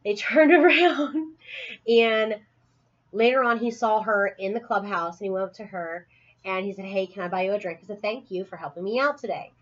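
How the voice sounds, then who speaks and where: Female co-host, casual book chat, laughs through her stories, mid-pitched, lo-fi recording. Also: normal speed. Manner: giggly storyteller, laughs often. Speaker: podcast co-host.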